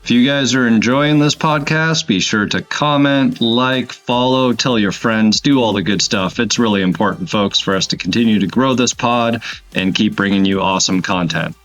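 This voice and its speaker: A man's voice: lowish voice, normal speed, fairly bright tone. Male host for a podcast opener: casual and upbeat, lo-fi and a little muffled. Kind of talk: read podcast intro. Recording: dull lo-fi sound.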